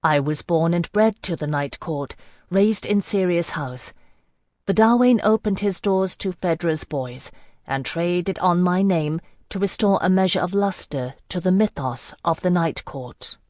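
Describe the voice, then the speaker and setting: In a close, fully dry recording, a woman with a fairly low voice narrates a fantasy audiobook in the first person. Her delivery stays measured and even throughout.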